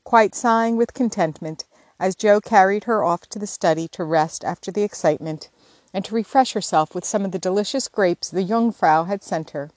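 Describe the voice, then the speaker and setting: A woman narrating a classic novel chapter in a measured, expressive storybook reading. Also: medium pitch, dry recording. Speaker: audiobook narrator. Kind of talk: scripted narration.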